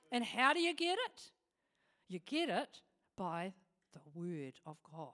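A woman gives an informal devotional talk in a chatty, humorous way. Her voice sits a little high and moves up and down a great deal. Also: a little slow. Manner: chatty and animated, with humorous asides. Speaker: devotional speaker.

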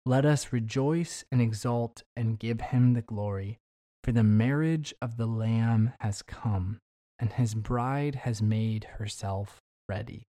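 Mellow-voiced man preaching on scripture. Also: mid-range voice, slow. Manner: reads scripture aloud with rising emphasis. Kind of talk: sermon with scripture reading.

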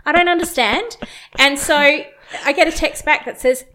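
A woman's voice: high-pitched, normal speed, sharp tone, slight background noise. A woman co-hosting a podcast, telling a story in casual chat, acting out her own thoughts and laughing often.

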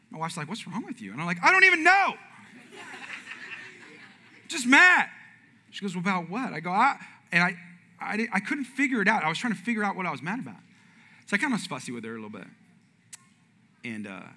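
Man, pastor, humorous sermon, high voice, very bright tone, animated storytelling. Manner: animated, jumps to high excited pitch in acted-out stories.

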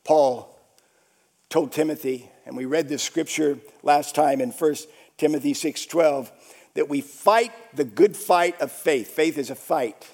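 A male pastor preaching a sermon, repeating phrases for emphasis and swinging between shouts and hushed whispers. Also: fairly high pitch, unhurried.

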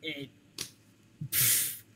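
A man with a New York accent, a podcast guest telling stories in a rambling, animated way with a lot of laughter. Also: extremely slow, slight background noise. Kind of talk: casual chat.

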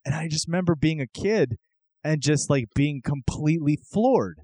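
A man's voice: a little high, lively intonation, moderate pace, warm tone, no echo. A man hosting a casual chat, talking in a reflective, rambling way with frequent restarts. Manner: chatty, reflective, lots of restarts.

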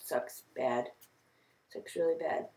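A woman's voice: low voice, slow, mellow, roomy sound. A woman in her thirties, a podcast co-host chatting casually in a rambling, self-deprecating way. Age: 30s. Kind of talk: casual chat.

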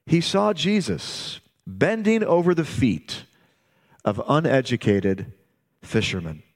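A man preaching a sermon, building points with repetition and dramatic pauses, retelling scripture in his own words. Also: medium pitch. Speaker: pastor. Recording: long hall reverb.

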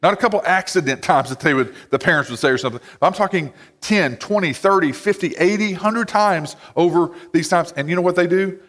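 Man, pastor, casual sermon, fairly high voice, long hall reverb. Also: a little fast, hardly any pauses, a bit bright. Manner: conversational, with many "like" and "you know" fillers.

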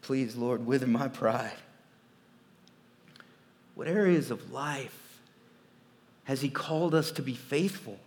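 A man preaching a sermon as pastor, swinging from quiet, low asides to loud, emphatic peaks. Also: slow, pauses often. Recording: long reverb of a large hall.

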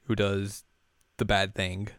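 A man's voice: slow, clean tone, dry recording, clean studio sound. Chatty young man recapping an anime. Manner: rambling, animated, acts out characters in high voices. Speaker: podcast co-host. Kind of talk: casual anime recap chat.

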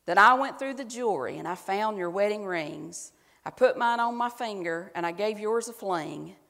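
A woman's voice: medium pitch, animated, normal speed, creaky, big-room sound. A woman pastor putting on an exaggerated Southern accent to speak the lyrics of a mournful country song as a heartbroken singer. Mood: mournful drawl. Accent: exaggerated American Southern. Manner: spoken lyrics in a broad twang, louder than her usual talk.

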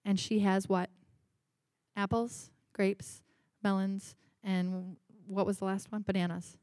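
A woman's voice: mid-range voice, little pitch movement, slow pace, darkish tone, dry recording, clean studio sound. A woman sharing personal stories in church, in a chatty way with many fillers. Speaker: pastor's wife sharing stories. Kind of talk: personal testimony.

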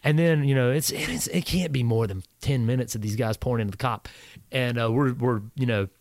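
Recorded indoors with no room sound, a male veteran of combat talks a little fast at medium pitch. Casually storytelling on a podcast, he recounts war stories with animation, curses freely, and acts out the voices he quotes.

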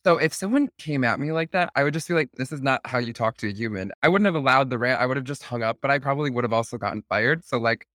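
A man's voice: medium pitch, quick pace, hardly any pauses, a bit bright, no room sound, studio quality. Chatty man hosting a podcast. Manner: chatty, filler-heavy, self-deprecating. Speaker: podcast host. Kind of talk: casual interview.

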